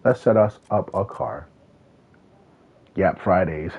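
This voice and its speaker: A man's voice: sits low, expressive, slow, breathy edge. A man streaming a racing game, chatting casually and telling a rambling story with lots of swearing. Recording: tinny phone-like sound.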